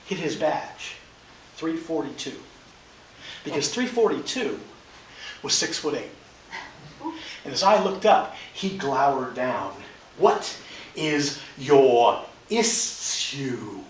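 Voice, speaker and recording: A contest speaker, a man with a high voice, performs a funny, theatrical, animated story speech in a big echoing hall, captured from a distance with slight background noise.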